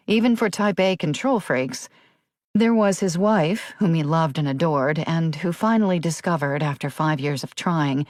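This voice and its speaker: A woman narrating a crime thriller audiobook in a steady, measured read. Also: sits low, no room sound, studio quality.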